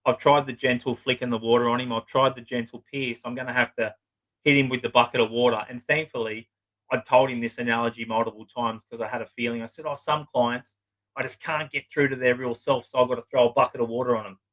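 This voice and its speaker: A middle-aged man with a bright, forceful voice shares client stories in a loose interview. His talk is blunt and full of profanity. He often slips into acting out what other people said. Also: mid-range voice, fairly even intonation, fast talker, poor audio. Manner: blunt, swears freely, acts out clients' lines. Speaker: psychotherapist guest. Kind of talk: casual storytelling interview.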